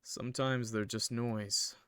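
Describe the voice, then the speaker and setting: Guy playing a smooth creepy-nice neighbor, slow and soft, dry mic. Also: mid-range voice, steady tone, dry recording. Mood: calm. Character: smooth mysterious young male neighbor.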